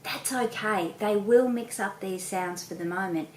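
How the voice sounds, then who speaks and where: A woman patiently explaining children's speech sounds to parents, sounding out each sound slowly and clearly. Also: medium pitch, darkish tone, reverberant, a little hiss or hum, poor audio. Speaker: literacy educator. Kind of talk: instructional talk to parents.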